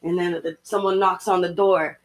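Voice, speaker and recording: A woman's voice: fairly low pitch, normal speed. Young woman telling a gory story. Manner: graphic, animated horror storytelling with lots of "like" and "you know". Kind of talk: casual storytelling among friends.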